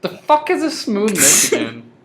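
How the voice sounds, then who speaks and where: A man's voice: high-pitched, wildly swooping pitch, normal speed, fairly bright tone, a little hiss or hum. A young man co-hosting a podcast, teasing and swearing freely in casual comedic chat. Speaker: podcast co-host.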